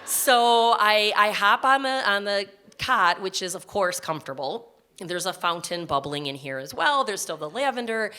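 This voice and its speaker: A woman telling a personal story live on stage before an audience, conversational and earnest, with quick restarts. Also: mid-range voice, big pitch swings, pushed and bright.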